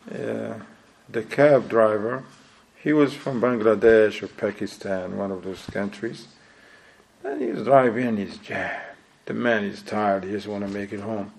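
A man giving an informal sermon, telling a story in an animated way, acting out the people in it and mixing in phrases. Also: lowish voice, vocal fry, a little hiss or hum, low-quality recording. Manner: animated storyteller, acts out quotes, sprinkles Arabic phrases. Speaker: Islamic preacher.

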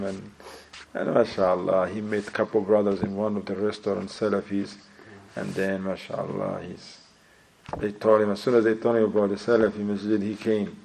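Man, informal sermon, animated storyteller, gravelly voice, faint hiss behind. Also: on the low side, rough recording. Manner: animated storyteller, acts out quotes, sprinkles Arabic phrases. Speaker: Islamic preacher.

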